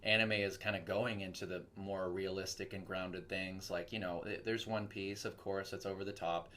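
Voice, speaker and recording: A man's voice: deep voice, moderate pace, a little hiss or hum. A young man, a voice actor from Texas, chatting casually in an interview and acting out quoted voices as he tells stories. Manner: animated storytelling with quoted voices. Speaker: voice actor guest.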